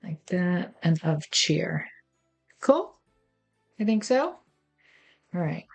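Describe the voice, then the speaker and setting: A woman's voice: on the low side, lively intonation, takes it slowly, creaky, faint music behind. Chatty woman demonstrating a card craft. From United States. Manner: chatty and playful, talks to viewers, chuckles at herself. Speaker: craft tutorial host. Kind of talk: casual step-by-step craft demonstration.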